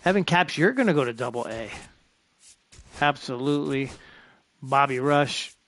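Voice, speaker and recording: Animated and at a normal pace, this man's mid-range, slightly bright voice carries live commentary as he plays a baseball management game. He's a streamer chatting to himself while sorting players, with no room sound.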